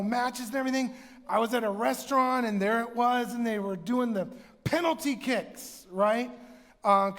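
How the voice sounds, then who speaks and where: High-voiced man preaching a lively sermon. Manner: conversational, animated storytelling with bursts of shouting. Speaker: pastor. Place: church sanctuary. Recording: church hall reverb.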